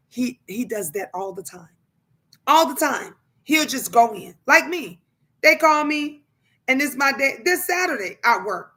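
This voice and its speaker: A woman's voice: mid-range voice, animated, normal speed, pushed and bright. A woman chatting casually on a livestream, greeting viewers and talking emphatically in plain, colloquial speech, repeating phrases to drive her points home. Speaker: livestreamer and mother.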